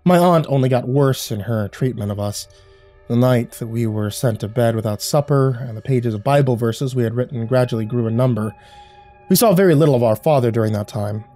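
A man reads a horror story at an unhurried, somber pace, his voice dark and mellow. Faint music plays under the narration. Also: medium pitch. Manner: measured, somber storytelling with quiet dialogue reads.

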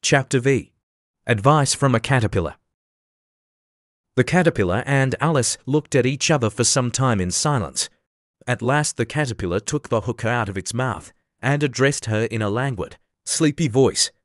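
A man reading a classic children's story aloud as an audiobook narrator, steady and even. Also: mid-range voice, normal speed, no echo, studio quality. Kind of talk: scripted narration.

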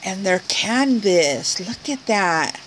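A woman's voice: medium pitch, expressive, takes it slowly, slight background noise, low-quality recording. A woman chatting casually as she unboxes a package on camera, gushing over each item and talking to the sender. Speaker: craft vlogger opening mail.

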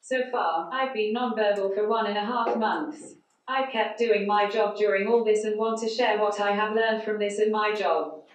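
A flat, intonation-free computer voice reads a woman's prepared conference talk via text-to-speech, pitched mid-range and moving at a normal speed. Recorded in a large conference hall, it sounds far off and echoey.

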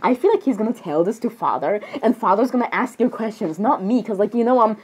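A woman's voice: mid-range voice, animated, a little fast, darkish tone, a little hiss or hum, low-quality recording. A woman in casual in-game role-play chat, flustered and apologetic, stammering and giggling as she talks.

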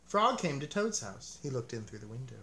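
A man's voice: mid-range voice, very animated, brisk, creaky, bright, forceful tone, a little hiss or hum. Man reading a children's storybook. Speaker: storybook reader. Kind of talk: children's story read-aloud.

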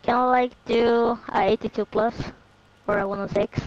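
A man talking over online voice chat during a game trade, hesitant and filled with pauses, and he teases by repeating taunts. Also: very high-pitched, steady tone, a crowd in the background. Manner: hesitant, teasing. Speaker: trading partner. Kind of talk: casual voice chat. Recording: muffled voice chat audio.

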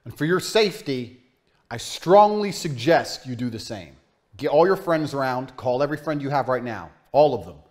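A man's voice: medium pitch, expressive, moderate pace, a little mellow. A man ranting in a profane, boastful, mocking way in a monologue clip. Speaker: internet personality.

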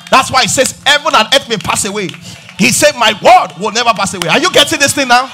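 A man with a Nigerian accent preaching a sermon as pastor. He preaches emphatically, shouting and rising into a sing-song, repeats refrains and calls on the congregation to answer. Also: very high voice, lively intonation, fast talker, soft background music, some chatter behind. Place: church service.

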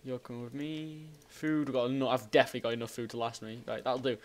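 A man hosting a gaming channel, giving rambling, excitable let's play commentary and exclaiming at the game. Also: medium pitch, quick pace.

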